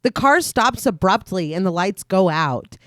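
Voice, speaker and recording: This young woman co-hosting a horror podcast talks a little slowly in a medium-pitched voice, with no room sound in the recording. Her film recap keeps getting interrupted by her own frequent laughs and animated asides.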